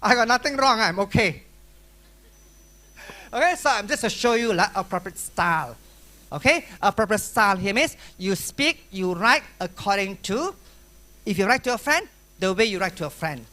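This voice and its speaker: Malaysian english lady teaching exam prep, really bright sharp voice, playful, acts stuff out. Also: mid-range voice, normal speed. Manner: animated, playful, mimics chatter with sound effects. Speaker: workshop speaker for exam preparation. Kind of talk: classroom lecture to students. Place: school hall.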